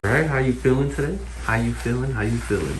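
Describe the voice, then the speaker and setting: A man's voice: mid-range voice, fast talker. A man chatting casually and playfully hyping things up while filming his partner in a clinic room. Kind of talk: casual chat. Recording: echoey room with background noise.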